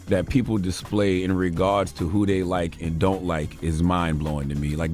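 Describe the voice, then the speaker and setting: A man giving political commentary in a measured, argumentative way. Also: low-pitched, a little mellow.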